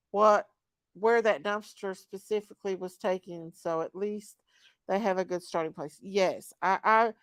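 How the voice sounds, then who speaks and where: A woman's voice: medium pitch, a bit bright, clean tone, dry recording. A woman hosting a live online panel, talking heatedly and greeting viewers by name as she goes. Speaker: livestream panel host. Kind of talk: casual live chat.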